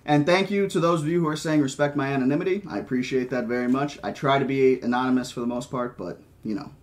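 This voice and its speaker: Give me a mid-pitched man reading a novel and chatting casually in between. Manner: casual, halting, with frequent restarts. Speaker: audiobook reader. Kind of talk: horror-themed novel reading with commentary.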